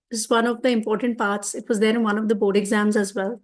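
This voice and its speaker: A woman teaching French grammar for a school exam, explaining each answer step by step and slowing down on the French. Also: mid-range voice, level tone. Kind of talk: exam revision lesson.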